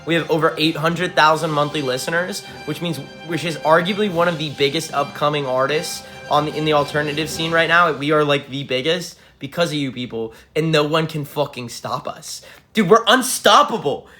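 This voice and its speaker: A young man, a band frontman, chatting casually with fans on a livestream, excitable and swearing, jumping from topic to topic. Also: a little high, moderate pace, soft background music. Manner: excitable, swearing, hype-driven, jumps between topics. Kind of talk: casual livestream chat with viewers.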